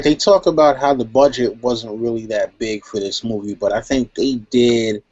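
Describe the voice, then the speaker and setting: A man chatting on a live stream in a laid-back, rambling way, peppered with "you know". His voice is fairly low, dry and close, with dull lo-fi sound. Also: a little mellow, no room sound. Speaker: guest in live chat. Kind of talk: casual chat.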